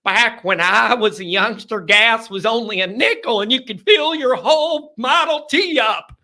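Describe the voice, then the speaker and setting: A man's voice: very high-pitched, measured pace, pushed and bright, pitched above the performer's own voice, heavily acted. A man voicing a folksy old-timer who reminisces mock-nostalgically about the old days. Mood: nostalgic.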